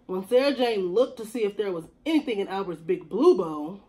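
A woman teacher reading a picture book aloud to young children in an expressive storytelling voice. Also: medium pitch, brisk, poor audio.

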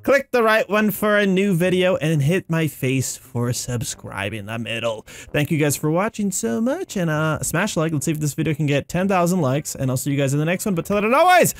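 A man giving excitable let's-play commentary, mocking enemies and yelping and screaming when chased. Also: on the high side, moderate pace, hardly any pauses. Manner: playful, mocks the enemies. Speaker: gaming commentator.

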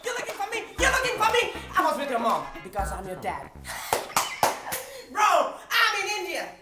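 A man voicing a loud, brash parody of a hyped streamer, yelling and giggling in a mocking impression. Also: huge pitch swings, moderate pace, echoey room, loud music behind the voice, full character voice. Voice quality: yelling, high-strung, giggly.

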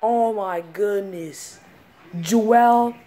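A woman giving casual live reaction commentary on a sports game, excitable and slangy, repeating her exclamations. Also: medium pitch, very slow.

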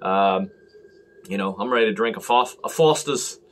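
A man's voice: deep voice, fairly even intonation, normal speed, a bit bright. A man hosting a casual beer review vlog, rambling and joking with frequent restarts. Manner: rambling, jokey, fumbles and restarts often. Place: Los Angeles area.

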